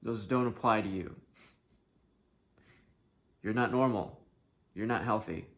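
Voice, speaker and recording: A man hosting a self-help video, talking candidly to the camera, swinging between hushed sincerity and loud, emphatic outbursts and swearing freely. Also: lowish voice, slow pace.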